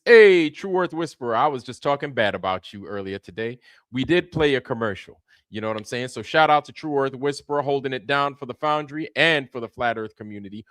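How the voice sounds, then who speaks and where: A man's voice: mid-range voice, a bit bright, no echo, clean studio sound. A man hosting a casual livestream, greeting viewers by name in a loose, repetitive way with plenty of slang. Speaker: livestream host.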